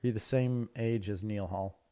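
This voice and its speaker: A young adult man co-hosting a casual podcast, joking around and quick to dispute what he hears. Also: fairly low pitch, steady tone, mellow, smooth. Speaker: podcast co-host. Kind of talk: casual chat.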